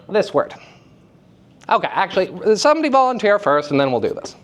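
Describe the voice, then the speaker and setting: Energetic man lecturing young actors. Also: high voice, fairly quick, highs cut off. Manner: energetic, checks in with frequent "right?" and "okay?"; demonstrates stress by repeating example sentences. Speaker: theater lecturer. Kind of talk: classroom lecture to students.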